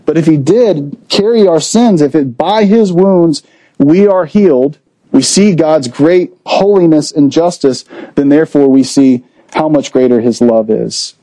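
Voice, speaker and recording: A man preaching a sermon, moving through it in a conversational tone and tossing rhetorical questions to his listeners. His voice sits a little high yet sounds warm and mellow. The recording is dry and close. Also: measured pace, dry recording, low-quality recording. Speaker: pastor.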